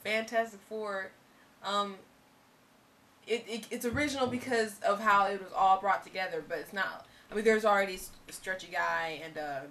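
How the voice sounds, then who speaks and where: A young woman co-hosting a casual TV review chat, talking in an animated way with many fillers and restarts. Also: mid-range voice, moderate pace. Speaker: co-host of a TV review show.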